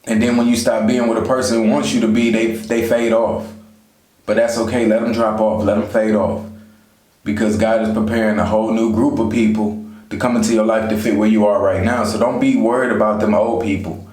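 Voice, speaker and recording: A man's voice: fairly low pitch, little pitch movement, a little fast, darkish tone. Man giving casual life advice, echoey room. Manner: conversational, repeats "you know", talks straight to viewers. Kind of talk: casual motivational talk to camera.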